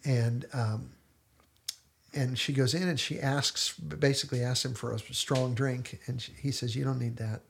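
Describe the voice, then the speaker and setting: A man's voice: medium pitch, fairly even intonation, unhurried, creaky. A man hosting a casual discussion podcast, retelling scenes in detailed storytelling fashion. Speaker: podcast host.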